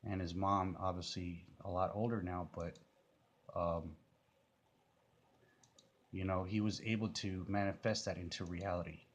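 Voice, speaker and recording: Low-voiced man rambling through commentary. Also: fairly even intonation, unhurried, long pauses. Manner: rambling, many fillers and restarts. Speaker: video commentator. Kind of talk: casual commentary over a music video.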